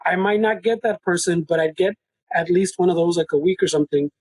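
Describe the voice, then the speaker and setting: A man's voice: sits high, fairly quick, darkish tone, husky, dry recording, poor audio. A man with a Chicano English accent, co-hosting a casual podcast conversation. He tells stories with plenty of cursing over a video call and mixes Spanish into his English. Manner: profane, laughing storytelling. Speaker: podcast co-host.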